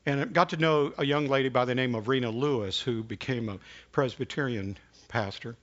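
A man preaching a sermon and telling personal stories, speaking in a halting, earnest way with frequent restarts, coughing now and then. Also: mid-range voice, fairly bright tone. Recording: dull lo-fi recording.

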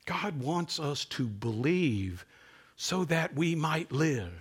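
A man preaching a sermon in a conversational, animated way, building to emphatic peaks. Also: fairly high pitch, slow, husky.

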